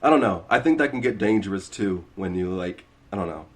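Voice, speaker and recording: A young man co-hosting a podcast, talking earnestly in casual chat with halting restarts. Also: low-pitched, expressive. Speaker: podcast co-host.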